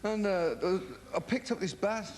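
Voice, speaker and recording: A man's voice: sits high, lively intonation, normal speed, darkish tone, slight background noise. A man from England, a rock singer as a TV interview guest, telling rambling comic anecdotes full of stammered restarts.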